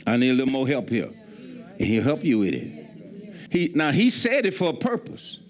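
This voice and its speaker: A man pastor, preaching a sermon with an emphatic, repetitive cadence that slows on key phrases. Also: medium pitch, wildly swooping pitch.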